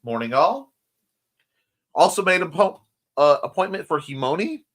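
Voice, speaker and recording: A man's voice: on the high side, sing-song, moderate pace. A man with a slightly scratchy voice and a speech impediment, hosting a casual morning stream, chatting playfully and reading out viewer comments. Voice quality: self-described speech impediment. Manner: rambling, playful, warm toward viewers. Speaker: host.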